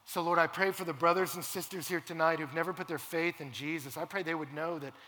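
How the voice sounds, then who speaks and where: A young man delivers a sermon with a bright, forceful edge to his tone and a fairly high voice. He swings from hushed, intimate passages up to loud, impassioned peaks. A long hall reverb trails every phrase. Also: vocal fry. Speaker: pastor.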